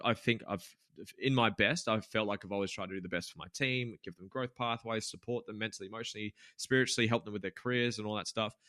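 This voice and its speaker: A man's voice: medium pitch, sharp tone, dry recording, studio quality. A man in his twenties, a podcast guest and gym owner, telling a candid story with lots of swearing, fillers and restarts. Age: 20s. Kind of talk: casual storytelling interview.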